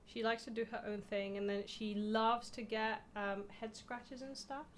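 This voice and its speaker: There's a little hiss or hum behind this young woman's fairly high, steady voice, which runs slightly slow. Chatting from her small home office on a live stream, she rambles casually and makes fun of herself.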